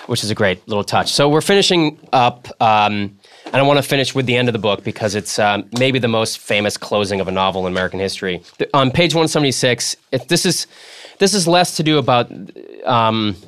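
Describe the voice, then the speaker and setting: A man hosting a casual book-club podcast, earnest and thoughtful, with halting restarts. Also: medium pitch, fairly bright tone, clean tone. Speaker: podcast host.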